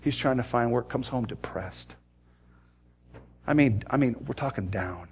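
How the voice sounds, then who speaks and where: A man preaching a sermon, telling a story dramatically and swinging from loud to hushed. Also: medium pitch, unhurried, husky. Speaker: pastor.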